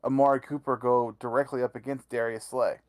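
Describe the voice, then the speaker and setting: A man's voice: mid-range voice, level tone, a little fast, a little mellow. A man co-hosting a sports podcast, giving blunt opinions in casual chat with many "you know" fillers. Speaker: podcast co-host.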